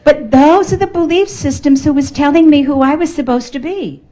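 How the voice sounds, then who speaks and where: A woman's voice: high-pitched, moderate pace, mellow, highs cut off. A middle-aged woman with a Boston accent giving an emphatic, playful motivational talk to a live audience at a networking event. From United States. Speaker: motivational speaker. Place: function room at a networking event.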